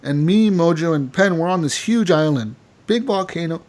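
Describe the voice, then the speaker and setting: A man hosting a casual gaming podcast, telling a story with animated energy and frequent swearing. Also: on the high side, normal speed. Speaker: podcast host.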